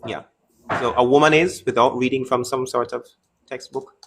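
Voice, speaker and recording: A man's voice: medium pitch, fairly even intonation, normal speed, vocal fry, a bit bright, husky. A man hosting a live-stream debate, taunting and interrupting callers in a combative way.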